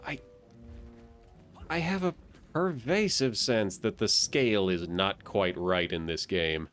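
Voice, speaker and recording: A man's voice: lowish voice, slow, fairly bright tone, soft background music. A male streamer giving casual, chatty gameplay commentary, musing and wry as he plays.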